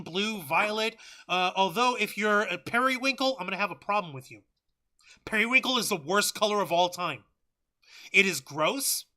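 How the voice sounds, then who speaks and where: A fired-up man hosting a livestream, reading out news and chat comments between angry, profanity-laced rants. His voice sits high for a man and has a sharp, piercing edge. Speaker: livestream host.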